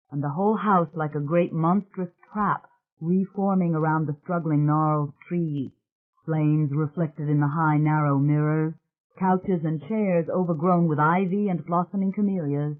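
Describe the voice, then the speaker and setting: Tinny audiobook narrator. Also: medium pitch. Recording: tinny phone-like sound.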